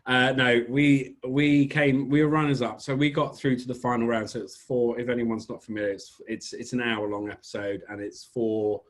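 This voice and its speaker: A man's voice: mid-range voice, level tone, normal speed, hardly any pauses. A British man with an English accent, a small business owner chatting as a podcast guest, telling rambling stories and correcting himself as he goes. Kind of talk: casual podcast interview.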